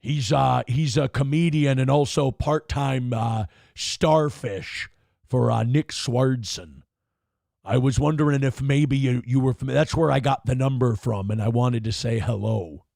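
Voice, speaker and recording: Man doing a halting, gravelly ex-wrestler, mid-life, drawling phone-call ramble. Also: mid-range voice, darkish tone, dry recording, studio quality. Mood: rambling. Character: gruff middle-aged male wrestling personality, rambling.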